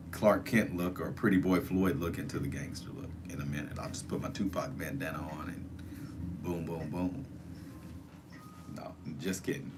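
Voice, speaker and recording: A man's voice: sits low, a little hiss or hum. A man hosting a casual livestream, repeatedly urging viewers to join the chat and give thumbs up. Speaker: livestream host.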